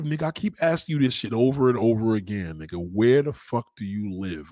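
A man runs a live stream, taunting his chat with loud, profane swagger. His voice sits at an ordinary middle pitch. It is recorded dry and close, with no room sound. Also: fairly quick, hardly any pauses, dry recording. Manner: loud, mocking, swaggering, heavy swearing.

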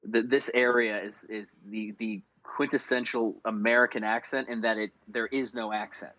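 A man's voice: fairly low pitch, fairly even intonation, normal speed, sharp tone, no room sound. Rambling, playful man on a dull recording. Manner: rambling storyteller with many restarts, playful. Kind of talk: casual chat.

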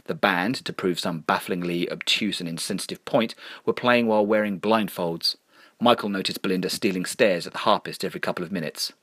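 Male storyteller, deep and deadpan, dry studio sound. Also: a little fast, no echo. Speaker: narrator. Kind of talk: storytelling reading.

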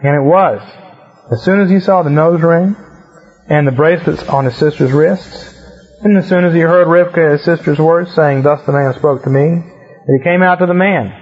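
Brief: male Bible teacher, slightly high husky voice, reads verses then chats about them; lo-fi. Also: moderate pace. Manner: reads verses, then explains in relaxed asides. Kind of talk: scripture reading with casual commentary. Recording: muffled lo-fi recording.

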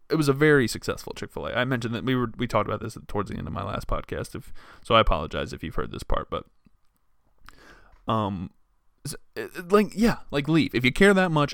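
A man's voice: medium pitch, gravelly, a bit bright, no echo, clean studio sound. A young man hosting a podcast, ranting in a casual, profane and rambling way, full of exasperated restarts. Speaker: podcast host. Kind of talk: casual solo rant.

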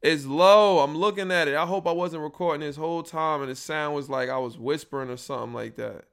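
A man's voice: on the high side, fairly even intonation, quick pace, creaky, fairly bright tone, clean tone. A young man hosting a casual podcast, rambling and slangy as he fiddles with his sound settings on a built-in computer microphone. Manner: rambling, troubleshooting audio live, slangy. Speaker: podcast host. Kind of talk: casual solo podcast chat.

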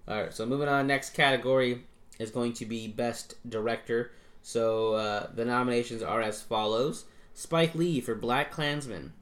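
A man hosting a casual podcast chat, running through nominees in a relaxed way, laughing often and swearing freely. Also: mid-range voice, normal speed. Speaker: podcast host.

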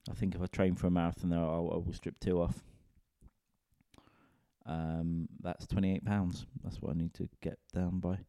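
A man's voice: deep voice, level tone, moderate pace, warm tone, clear, resonant tone, no echo, studio quality. A man, a comedian and podcast host, rambling in a casual, sweary, self-mocking solo rant.

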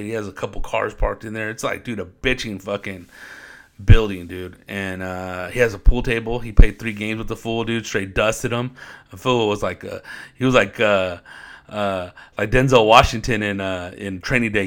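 A man's voice: lowish voice, fairly bright tone. A man from Riverside, California, telling stories in a laid-back podcast chat, swearing often and saying "dude" constantly. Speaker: podcast host. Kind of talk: casual storytelling.

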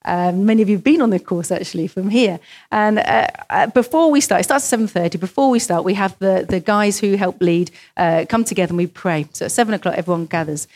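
A woman's voice: mid-range voice, fast talker, a little mellow. Woman preaching a story-filled sermon. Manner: storytelling, acts out quoted voices. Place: church.

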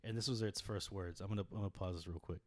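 A man's voice: low-pitched, fairly even intonation, fast, no room sound, studio quality. A man co-hosting a casual podcast who talks loosely and swears freely. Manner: casual, swears often, laughs between phrases. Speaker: podcast co-host. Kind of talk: casual chat.

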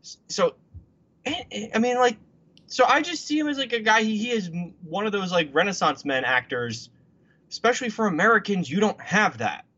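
A man talks movies in an easy, casual way, opinionated and emphatic, sliding into mocking impressions now and then. His voice is bright and pushed forward. The recording sounds dull and lo-fi. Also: high-pitched, expressive, moderate pace.

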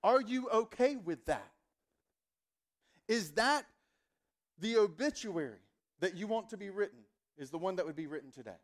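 High-voiced, fervent male pastor preaching. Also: expressive, moderate pace, long pauses. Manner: storytelling, emphatic, rises in pitch and volume when fervent. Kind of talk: sermon.

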